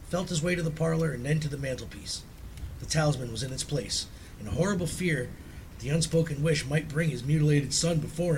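A man with a somewhat high voice reading a spooky tale aloud, slow and solemn, with a faint hum behind him. He narrates steadily, letting each phrase land. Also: poor audio. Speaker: storyteller. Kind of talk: dramatic reading of a horror story.

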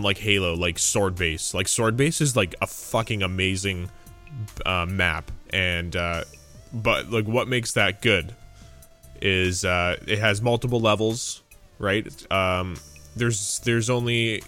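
A man's voice: on the low side, a bit bright. A man hosting a casual gaming podcast, rambling, swearing freely and laughing often. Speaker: podcast host. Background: faint game audio and music.

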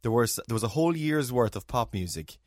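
A man's voice: mid-range voice, animated, a little fast, no echo, studio quality. An Irish man co-hosting a podcast, rambling and jokey, often tripping over his words. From Ireland. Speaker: podcast co-host, radio broadcaster. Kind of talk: casual podcast chat.

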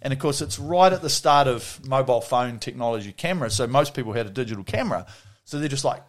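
A man's voice: medium pitch, animated, quick pace. Rambling, swearing middle-aged man. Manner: rambling, swears freely, restarts. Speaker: podcast guest. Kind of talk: casual storytelling.

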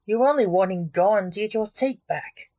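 A woman's voice: mid-range voice, normal speed, dark tone, muffled recording, natural voice. Woman doing a lazy, teasing grim reaper king. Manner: offhand, teasing.

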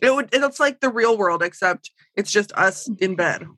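A woman's voice: medium pitch, normal speed, no echo, rough recording. A woman guest in casual conversation, talking animatedly and poking fun at herself. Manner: animated, self-deprecating, restarts often. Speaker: guest writer. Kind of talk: casual chat.

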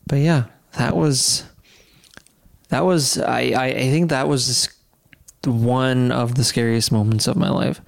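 A podcast host tells a story in a casual chat, animated and laughing mid-sentence as he goes. His mid-range voice has some vocal fry, and he takes his time.

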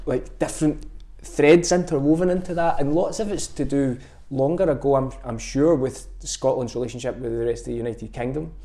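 Mellow-voiced Scottish man, thoughtful. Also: medium pitch, fairly quick, few pauses. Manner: thoughtful, with frequent restarts. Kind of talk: reflective conversation.

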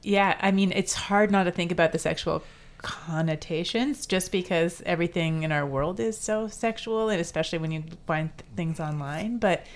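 A woman's voice: lowish voice, normal speed. A woman co-hosting a podcast in casual chat, chatty and inquisitive, often restarting her sentences. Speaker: podcast co-host.

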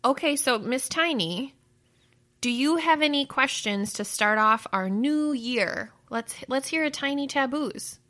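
A woman hosts a relaxed family chat, playful and upbeat. She laughs easily and keeps the questions coming. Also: sits high, measured pace. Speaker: host asking a child questions.

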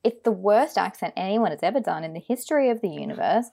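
A woman's voice: medium pitch, lively intonation, quick pace, vocal fry, dark tone. An Australian woman co-hosting a podcast, giving blunt, emphatic opinions in a casual film chat. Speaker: podcast co-host.

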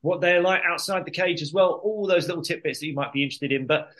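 A man's voice: fairly high pitch, a bit bright, rough recording. A man co-hosting a sports podcast, talking in a teasing, jokey casual chat. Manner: jokey, teasing, quick to laugh. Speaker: podcast co-host.

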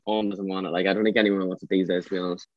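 A man's voice: sits low, little pitch movement, very fast, no echo. A young Irish man, a boxer, chatting as a podcast guest in a laid-back way with short replies. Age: young adult. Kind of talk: casual chat. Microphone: online call. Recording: dry, muffled lo-fi audio.

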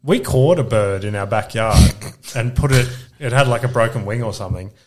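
A young Australian man with a fairly low voice chats casually on a podcast. He swears freely and laughs through animated stories about his family life. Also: moderate pace. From Queensland, Australia. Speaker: podcast co-host. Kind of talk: casual chat.

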